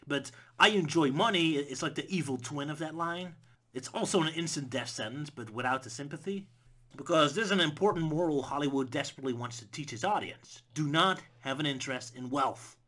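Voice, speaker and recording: Man, comedic movie rant, sarcastic, fairly high voice. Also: a bit bright. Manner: sarcastic, mocks with silly put-on voices. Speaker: video essayist.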